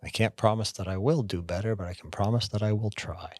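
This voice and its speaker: A man's voice: lowish voice, fairly even intonation, brisk, darkish tone, no room sound, studio quality. A middle-aged man with a Canadian accent, co-hosting a casual conversation in a candid, reflective way. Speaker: podcast co-host.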